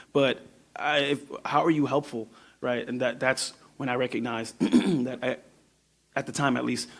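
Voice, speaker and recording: A man from New York, a guest musician on a podcast, talking reflectively and often trailing off while he searches for words. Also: mid-range voice. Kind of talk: casual podcast conversation.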